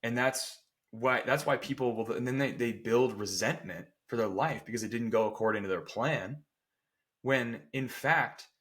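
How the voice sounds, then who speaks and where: Male strength coach co-hosting a podcast, emphatic, keeps asking "right?", mid-pitched voice. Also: normal speed, fairly bright tone. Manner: acts out people's quotes with playful voices. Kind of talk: casual podcast chat.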